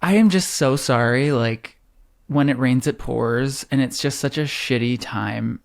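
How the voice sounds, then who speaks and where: Gravelly man co-host, supportive. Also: mid-range voice, measured pace. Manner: supportive, chiming in with short agreements. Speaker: podcast co-host. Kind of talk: casual chat.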